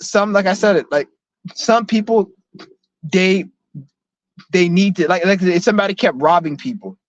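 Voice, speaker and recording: A man's voice: high-pitched, normal speed, no echo. A man delivering a heated rant to camera, blunt, profane and confrontational, often restarting his sentences. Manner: repeats himself with many restarts. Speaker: vlogger. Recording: dull lo-fi, dry sound.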